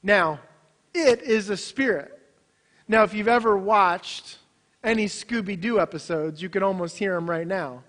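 A man preaching a sermon, swinging from loud, emphatic bursts to hushed, quiet passages. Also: measured pace. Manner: animated, swings between loud emphasis and hushed low delivery.

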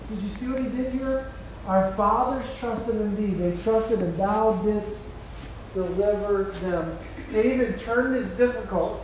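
A man preaching a sermon as a pastor, swinging between loud impassioned cries and hushed low passages. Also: a little hiss or hum. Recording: echoey hall from far off.

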